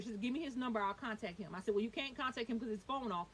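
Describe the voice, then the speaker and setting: A young woman tells her own story to the camera in a quick, emphatic rush, her voice sitting a little high. She swears when the frustration builds. A faint hiss runs under the recording. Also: fairly bright tone, rough recording. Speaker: vlogger. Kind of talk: heated personal storytelling.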